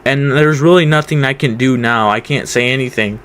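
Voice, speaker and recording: Smooth-voiced young man telling a story. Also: mid-range voice, brisk, a bit bright. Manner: rambling, many fillers and restarts. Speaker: vlogger. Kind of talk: casual storytime.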